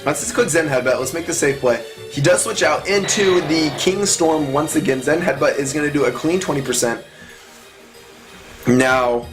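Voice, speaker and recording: A young man giving chatty, excitable live commentary on his own gameplay, talking through each move. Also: a little high. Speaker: gaming commentator.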